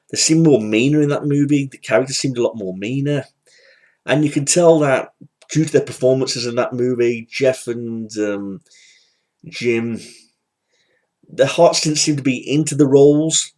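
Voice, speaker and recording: A man's voice: medium pitch, mellow. A man giving a casual, rambling spoken film review, full of fillers and restarts. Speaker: movie reviewer.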